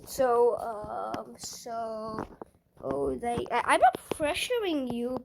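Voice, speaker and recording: A woman's voice: fairly high pitch, slow, gravelly, background noise. A woman hosting a gaming channel, chatting casually and stumbling over her words, repeating them as she goes. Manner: stammering, repeats words, chatty and self-conscious. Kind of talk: casual gameplay commentary.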